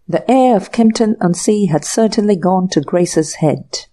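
A woman narrating an audiobook short story in a measured, unhurried way. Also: mid-range voice, warm tone. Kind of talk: scripted narration.

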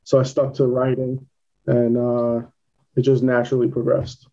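A man from Queens with a New York accent, speaking as a filmmaker guest in a plain, matter-of-fact manner. His voice is dark and mellow, and the recording sounds a little dull and muffled. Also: medium pitch, monotone, normal speed. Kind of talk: casual interview.

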